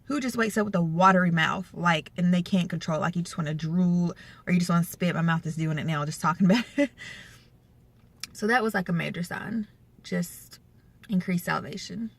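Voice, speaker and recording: A woman's voice: lowish voice, brisk, vocal fry. A young adult woman talking casually to camera in a rambling, chatty vlog, full of fillers and asides. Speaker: vlogger.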